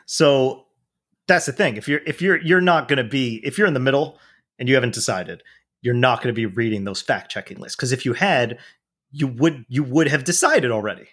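A man's voice: mid-range voice, a little fast, a bit bright, slightly rough. A man talking politics in a casual chat, blunt and profane, rambling with restarts.

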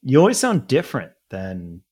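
A man with a deep voice, co-hosting a podcast in casual chat, joking and self-deprecating, often repeating himself. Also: huge pitch swings, moderate pace, darkish tone, breathy edge. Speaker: podcast co-host.

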